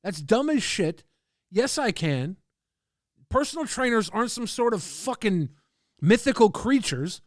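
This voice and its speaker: A man streaming casually, reading and answering chat in a loud, profane, combative rant. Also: sits high, very animated, a little slow, dry recording, studio quality.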